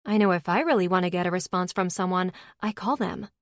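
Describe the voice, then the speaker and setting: A woman's voice: on the low side, fairly quick, no room sound, studio quality, natural voice. A woman narrator voicing a frank, curious young woman in an audiobook.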